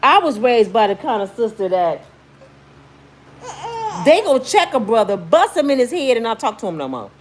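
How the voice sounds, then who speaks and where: Fairly high in pitch and at normal speed, a woman vlogger tells a story with long pauses over slight background noise. She's emphatic, animated and slangy, bluntly acting out quotes in shrieks.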